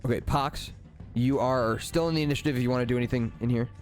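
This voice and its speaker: A man narrating and running a tabletop game as game master, easygoing and quick with rules calls. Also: mid-range voice, a little mellow, faint music behind.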